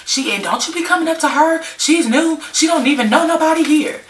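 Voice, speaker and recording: A woman's voice: sits high, fairly quick, distant mic, a little hiss or hum, voice pushed up, natural voice. A woman voicing a brash, protective teenage girl who cusses and stands up for a friend. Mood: defiant. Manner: loud, cussing, defiant. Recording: roomy, off-mic.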